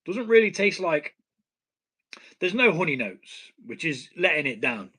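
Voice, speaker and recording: Blunt, bright-voiced British man. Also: a little high, big pitch swings, a little slow, breathy edge. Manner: blunt, swears casually, laughs at himself. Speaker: home brewing channel host. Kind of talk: casual live stream chat.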